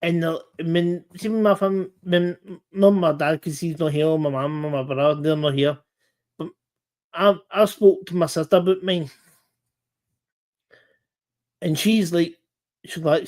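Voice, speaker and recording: A man hosting a casual live-stream chat, talking earnestly in halting bursts with many restarts and repeated words. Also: on the high side, steady tone, a little mellow.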